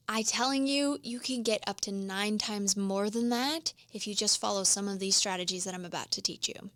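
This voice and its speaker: With a medium-pitched, fairly bright voice and no echo, a woman hosts a business podcast. She coaches listeners through an explanatory, instructional monologue and shows examples of vocal tones.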